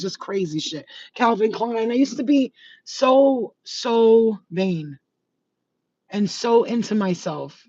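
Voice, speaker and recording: A woman's voice: mid-range voice, darkish tone, no room sound, lo-fi sound. A woman hosting a spiritual channel, ranting in an unscripted vlog, profane, heated and confrontational.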